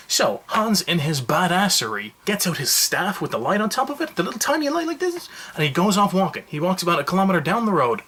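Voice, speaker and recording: A man giving a casual, jokey movie review, telling the story in a rambling, animated way. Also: sits high, quick pace, hardly any pauses, a little hiss or hum.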